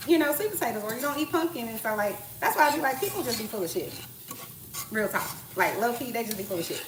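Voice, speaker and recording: A woman's voice: a little high, expressive, fast, noisy background. Chatty woman cooking in an echoey kitchen. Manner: chatty, slangy, full of asides and rhetorical questions. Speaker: cooking live-streamer. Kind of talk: casual cooking live stream. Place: home kitchen. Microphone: tablet propped on the counter. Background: clatter of pots, utensils and stirring.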